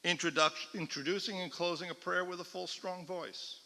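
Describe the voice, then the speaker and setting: A man's voice: high-pitched, fairly even intonation, normal speed, pushed and bright. A man, a cantor, teaching a class in an explanatory lecture style, often checking in with his listeners. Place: synagogue classroom or hall. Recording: long reverb of a hall.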